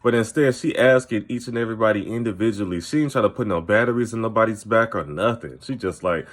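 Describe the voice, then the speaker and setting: Male vlogger, slightly low voice, trash-talking TV recap straight to camera. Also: fast, hardly any pauses. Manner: blunt, profane, opinionated. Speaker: TV recap commentator. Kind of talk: casual recap commentary to camera.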